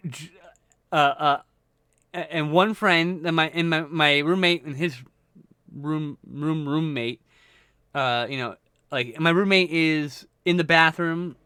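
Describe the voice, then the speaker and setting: A man with a fairly high, bright and crisp voice, recorded close and dry on a desktop mic. He rambles through a crude story, swearing freely and tripping over restarts. It sounds like a relaxed livestream chat. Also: no room sound. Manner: profane, rambling anecdote with restarts. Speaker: livestream host.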